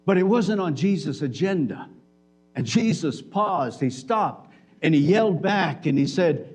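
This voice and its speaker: A pastor with a fairly high voice preaches in a church, addressing the congregation conversationally and slipping into acted-out bits of dialogue to make his point. He's unhurried, with lively intonation and a slightly mellow, breathy edge.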